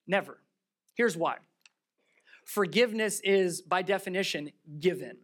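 A pastor with children of their own preaching a sermon, emphatic and full of rhetorical questions, swinging between raised, stressed lines and quiet, earnest ones. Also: medium pitch, a little slow, long pauses. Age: adult with children.

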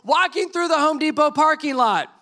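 High, bright-voiced man telling a story. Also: moderate pace. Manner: animated storytelling, acts out quotes, self-deprecating asides. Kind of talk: sermon illustration told as a story.

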